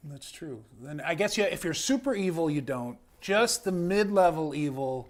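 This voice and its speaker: An easygoing man co-hosting a casual studio chat. His voice sits a little higher than usual for a man, and he often restarts his sentences as he talks. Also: lively intonation, normal speed. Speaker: co-host.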